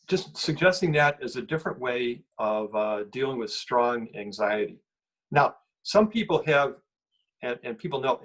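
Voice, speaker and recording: A husky-voiced man teaches a mindfulness group how to sit with anxiety. He speaks gently and haltingly, restarting phrases as he searches for words. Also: mid-range voice, rough recording. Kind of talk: guided meditation teaching.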